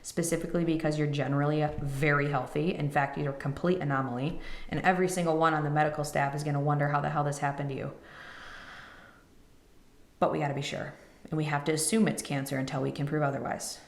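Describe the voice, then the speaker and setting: A woman's voice: low voice, fairly even intonation, quick pace, reverberant. A woman in her thirties, a podcast host, emotionally retelling a personal story and acting out the people in it. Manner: emotional, quotes others in retelling.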